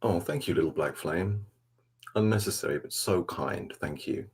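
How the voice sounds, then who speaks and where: A man hosting a soft-spoken ASMR live stream, rambling laid-back as he reads and answers the chat, self-mocking. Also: low-pitched, normal speed, slightly rough. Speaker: ASMR livestream host.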